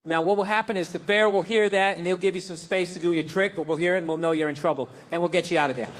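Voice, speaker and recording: A middle-aged man telling a long story as a stand-up comedian, profane and animated, acting out other people's lines. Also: high voice, fast talker, noisy background.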